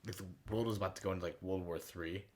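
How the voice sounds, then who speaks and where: A man's voice: deep voice, steady tone, rapid-fire, a little mellow. A man hosting a podcast, reacting in a laid-back, slangy way. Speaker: podcast host. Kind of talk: casual chat.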